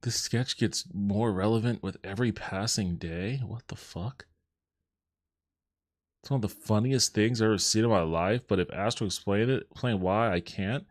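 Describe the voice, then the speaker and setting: A man's voice: fairly low pitch, normal speed, hardly any pauses, no room sound, studio quality. A man hosting a podcast, reacting to a comedy clip in a baffled, exasperated way with frequent swearing. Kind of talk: reaction commentary.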